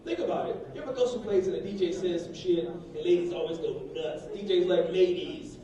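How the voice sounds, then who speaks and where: A man's voice: high-pitched, fast, mellow, recorded from a distance, highs cut off. A man doing a brash, profane stand-up set on a comedy club stage, baiting the crowd. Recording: echoey live club, mic heard from afar, crowd laughter.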